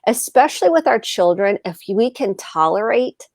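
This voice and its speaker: A woman therapist calmly explaining in a video call conversation, acting out short example exchanges. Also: fairly high pitch, normal speed, no echo, clean studio sound. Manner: calm explaining, acts out example dialogue.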